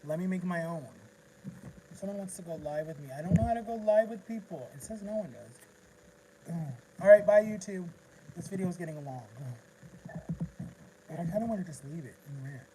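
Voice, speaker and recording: A man's voice: on the high side, animated, moderate pace, pauses often, background noise. Rambling man telling an emotional story. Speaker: vlogger. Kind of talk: casual rambling livestream chat.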